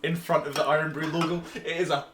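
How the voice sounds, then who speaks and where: A man's voice: a little high, little pitch movement, fast, fairly bright tone, a little hiss or hum. A young man with a Scottish accent chatting casually on a cooking stream, rambling and full of fillers. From Scotland. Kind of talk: casual chat.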